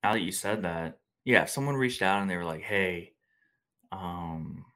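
A young man hosts a podcast with a very low, deep voice. He talks in a laid-back, rambling way, full of slangy asides and loose stories. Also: moderate pace, fairly bright tone. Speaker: podcast host. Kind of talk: casual chat.

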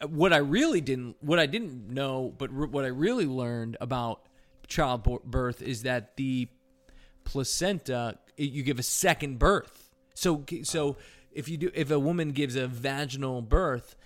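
A man's voice: medium pitch, measured pace. A young man co-hosting a podcast in casual chat, joking, swearing and laughing often. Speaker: podcast co-host.

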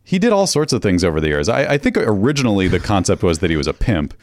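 Deep-voiced easygoing male co-host. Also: big pitch swings, quick pace, no room sound, clean studio sound. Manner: easygoing, chuckling. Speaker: podcast co-host. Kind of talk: casual chat.

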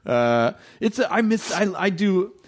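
A man, a voice actor, chatting in an animated, talkative way with frequent fillers in a casual podcast conversation. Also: high-pitched, measured pace.

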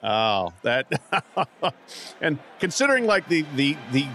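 A man co-hosting a casual sports podcast, lively and laughing often. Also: on the high side, takes it slowly, a little hiss or hum. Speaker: podcast co-host.

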